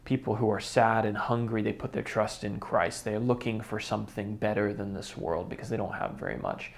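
Young man, casual Bible teacher, low voice, gravelly edge, easygoing. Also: a little fast. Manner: relaxed, chatty, with small laughs and restarts. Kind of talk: casual Bible study video.

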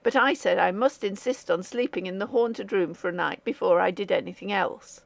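A woman reading a storybook voicing an excitable young male artist with a ringing voice, talking eagerly and impatiently. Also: mid-range voice, normal speed, vocal fry, no echo, close to an everyday voice.

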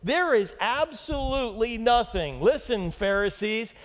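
A man's voice: a little high, expressive, moderate pace. A male pastor giving a sermon, emphatic and conversational with dry humor. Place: church sanctuary. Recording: long hall reverb in a church.

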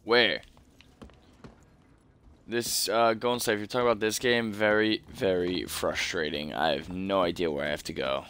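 A man's voice: low-pitched, steady tone, moderate pace, fairly bright tone, clear, resonant tone. A hungover man streaming a horror game live, muttering frustrated questions to himself as he plays. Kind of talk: live gameplay commentary.

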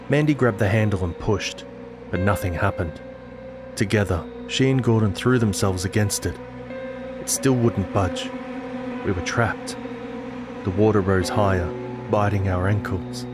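A man with a lowish voice tells a horror story in first person, measured and dramatic. Music plays clearly under his narration.

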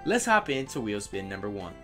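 Man, gaming commentator, hypes his plays and coaches the players on screen, soft music underneath. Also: fairly low pitch, fairly quick. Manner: excitable, talks to players on screen. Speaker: gaming YouTuber. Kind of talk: live gameplay commentary.

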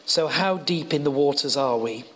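A man's voice: on the high side, moderate pace, fairly bright tone. A middle-aged man with a northern English accent preaching a sermon as an evangelist, telling stories earnestly and building to emphatic peaks. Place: college chapel. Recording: reverberant hall.

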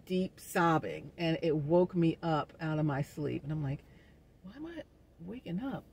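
A woman hosting a wellness show, talking through her thoughts in a casual, soul-searching monologue and coming back to the same questions again and again. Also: lowish voice. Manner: gentle, faith-minded encouragement. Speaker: host of a wellness community show.

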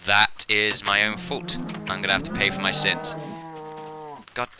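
A man giving casual, excitable gameplay commentary as a channel host, with swearing and laughing asides. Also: on the low side, a little slow, loud music behind the voice.

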